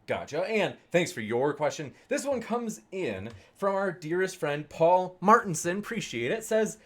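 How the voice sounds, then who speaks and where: A man hosts a live debate and reads out viewer questions one after another. His voice jumps around in pitch as he puts playful little voices on the quotes. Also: big pitch swings, measured pace, hardly any pauses, fairly bright tone. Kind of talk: casual live-stream moderation.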